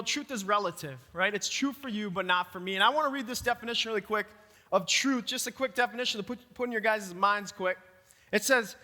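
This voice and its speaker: Youth pastor with a Minnesota accent, high bright voice, preaching energetically in a reverberant hall. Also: male voice. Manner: energetic, talks to the room directly. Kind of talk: youth sermon.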